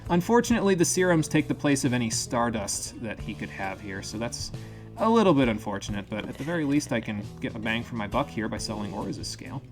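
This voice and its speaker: A man's voice: medium pitch, very animated, quick pace, soft background music. Chatty man streaming a video game. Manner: chatty, thinks aloud, casual swearing. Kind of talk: live gameplay commentary.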